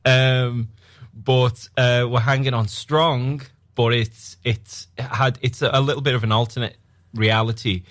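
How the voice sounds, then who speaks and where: A man, an actor guest on a radio interview, talking hesitantly with many ums and pauses. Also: mid-range voice, fairly even intonation.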